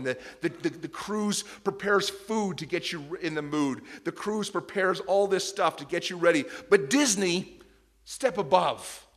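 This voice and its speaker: A middle-aged male pastor preaching a sermon, telling a personal story in an animated way that swings from soft and tender to loud and excited. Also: mid-range voice. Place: church service before a congregation.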